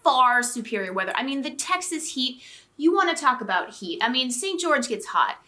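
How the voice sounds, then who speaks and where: A woman's voice: high voice, sing-song, normal speed, sharp tone. A woman realtor co-hosting a casual chat channel, chatty and often laughing.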